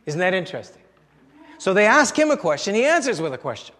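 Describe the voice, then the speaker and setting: A man's voice: sits high, big pitch swings, quick pace, a bit bright, in a large hall. A male pastor preaching a sermon in a conversational, storytelling way, often chuckling.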